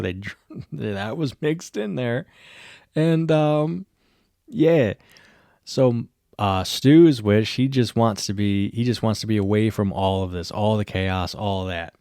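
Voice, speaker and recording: A man hosting his own channel, giving a casual, rambling and excited episode recap full of "like" fillers. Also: lowish voice, no echo, studio quality. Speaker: channel host reviewing a TV episode. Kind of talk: casual video review recap.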